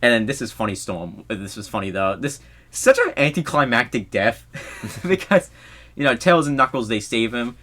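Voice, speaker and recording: A young man hosting a casual movie review podcast. His voice sits at an everyday middle pitch, and he talks in an excitable, rambling way, laughing often as he goes. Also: moderate pace. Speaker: podcast host.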